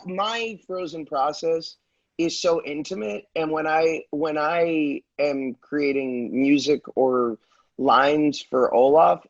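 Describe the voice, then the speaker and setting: Voice actor guy, kinda husky, goes fast and jokey, lo-fi zoom sound. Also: fairly high pitch. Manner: animated, self-deprecating, quick storytelling. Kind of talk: video call panel chat. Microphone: video call.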